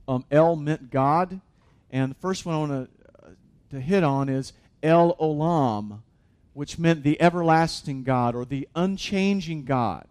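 A man's voice: a little high, a little slow, darkish tone. A man, a pastor, preaching a sermon in an earnest, conversational way.

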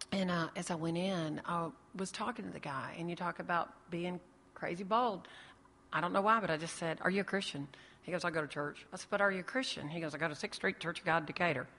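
A woman's voice: lowish voice, a bit bright. A woman telling her ministry story to an audience, acting out the voices in her dialogue. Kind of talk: testimony talk to an audience. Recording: long hall reverb.

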